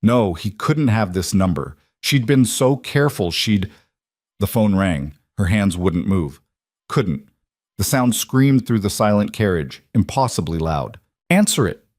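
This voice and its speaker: A man reading a dramatic story as narrator in an even, measured way. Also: lowish voice, dry recording, studio quality. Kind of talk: scripted narration.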